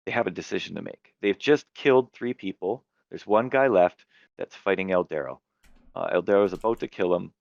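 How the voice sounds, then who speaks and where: A low-voiced man hosts a podcast, chatting casually about tabletop games as a game master telling a long story. He frequently stops to correct himself, and the recording is muffled with no room sound.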